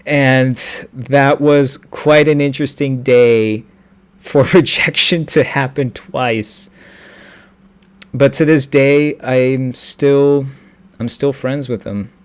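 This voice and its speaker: A young man telling a personal story in a halting way, with many restarts and fillers. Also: mid-range voice, steady tone, clear, resonant tone.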